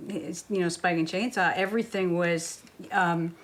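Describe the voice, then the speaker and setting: A woman's voice: fairly low pitch, steady tone, unhurried. An older woman interviewed for a documentary, telling candid stories about the past. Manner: candid, storytelling.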